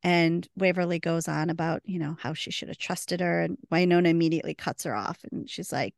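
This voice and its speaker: A woman's voice: on the low side, a little fast, vocal fry, few pauses, dry recording, clean studio sound. A woman co-hosting a podcast, retelling scenes in casual chat and laughing often. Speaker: podcast co-host.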